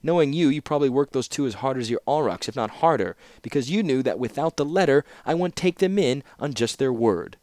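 A man's voice: mid-range voice, lively intonation, fairly quick, few pauses, darkish tone, no echo, voice pushed up, lightly acted. A man voicing a stern, commanding female scholar who scolds sharply. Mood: scolding.

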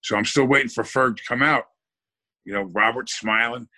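A man's voice: mid-range voice, fairly even intonation, moderate pace, pushed and bright. A man chatting on a podcast in long, emphatic run-on sentences. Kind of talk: casual chat.

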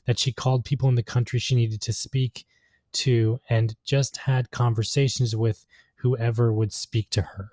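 A man's voice: medium pitch, flat delivery, moderate pace, a little mellow, no room sound, clean studio sound. A man co-hosting a podcast, talking in a rambling, agreeable way with lots of fillers. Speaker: podcast co-host. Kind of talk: casual podcast chat.

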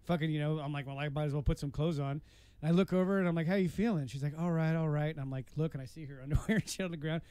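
A man hosting a podcast, telling crude stories in a casual, animated way and swearing freely. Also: fairly high pitch, very fast, clean tone, no room sound. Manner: animated, swearing, acts out voices in his stories. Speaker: podcast host. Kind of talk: casual storytelling chat.

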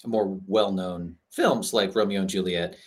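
A man's voice: low voice, fairly even intonation, unhurried. A man co-hosting a casual movie podcast, playful and teasing, laughing often. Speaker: podcast co-host.

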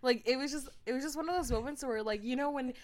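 A young woman co-hosting a podcast in loose, profane chat. She tells stories with plenty of laughter. Her voice sits a little high. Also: fast talker, darkish tone. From Toronto. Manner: swearing, storytelling, breaks into laughter. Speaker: podcast co-host.

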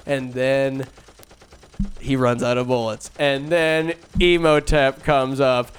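A man casually retelling a movie plot with sarcastic, jokey asides, jumping between loud bursts and muttered remarks. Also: medium pitch, level tone, slow, clean tone. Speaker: movie recapper. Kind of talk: casual comedic movie recap.

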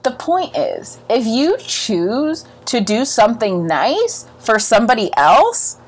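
A woman's voice: a little high, sing-song, takes it slowly, breathy edge. A woman in her twenties co-hosting a podcast, swearing constantly and ranting heatedly in casual chat. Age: 20s. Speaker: podcast co-host.

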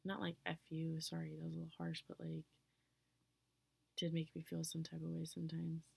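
Young woman, vlog rant, low pitch, gravelly fry, dry close sound, swearing freely. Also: completely flat delivery, a little fast, no room sound. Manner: profane, blunt and ranting, with bursts of loud indignation; drops into breathy near-whispers on asides. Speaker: solo vlogger answering question prompts. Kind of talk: casual rambling monologue. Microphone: own recorder close by.

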